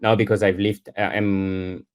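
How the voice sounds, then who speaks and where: A man's voice: lowish voice, little pitch movement, measured pace, clean tone. A middle-aged man from Switzerland with a Swiss French accent, chatting as a podcast guest over a remote call connection and searching for English words with many fillers and restarts. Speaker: guest curler. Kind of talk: casual podcast interview.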